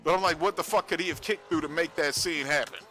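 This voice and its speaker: Man, livestream chat, bright forceful voice, slightly high, profane and animated, faint music behind. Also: fast talker. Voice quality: profane, animated storytelling with frequent laughs. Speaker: streamer. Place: home streaming setup.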